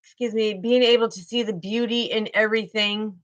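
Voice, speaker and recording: A woman's voice: fairly high pitch, fairly even intonation, fairly quick, highs cut off. A woman doing a spiritual card reading, talking in a fervent, emotional way and often repeating herself.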